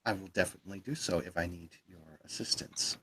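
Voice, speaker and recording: A man's voice: low-pitched, a little fast, fairly bright tone, slight background noise. A man voicing a stern, formal military commander who speaks politely with hesitant fillers.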